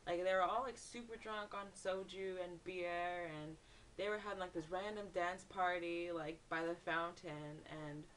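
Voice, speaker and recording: A young woman vlogger telling a story in a casual, animated way, saying "like" a lot. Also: on the low side, moderate pace, distant mic, a little hiss or hum. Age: young adult. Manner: animated, says "like" a lot, acts out screams in quotes.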